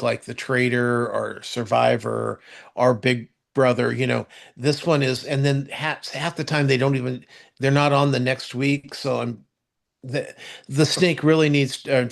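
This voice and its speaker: A man with a gravelly, fry-edged voice at an ordinary middle pitch, talking casually on a podcast. He rambles, stops and restarts his sentences often, and throws in the odd swear word as he goes. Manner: rambling, halting, full of restarts and fillers. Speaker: podcast co-host. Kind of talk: casual chat reviewing TV shows.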